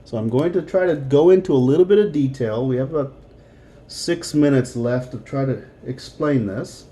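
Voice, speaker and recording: A man's voice: medium pitch, normal speed, mellow. A man teaching a recorded beginner Spanish lesson, explaining patiently step by step and repeating words.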